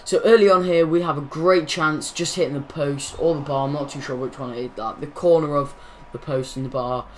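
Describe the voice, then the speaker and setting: A man's voice: on the high side, steady tone, a little fast, hardly any pauses, a little hiss or hum. Rambling young man narrating a football game. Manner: rambling, self-correcting, laughs at own slips. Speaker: gaming channel host. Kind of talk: casual video game commentary.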